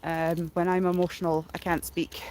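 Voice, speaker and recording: A woman's voice: fairly low pitch, level tone, moderate pace, a little mellow, slight background noise. A middle-aged woman, casually retelling a story on a livestream in a rambling way full of fillers, likes and ums. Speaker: streamer.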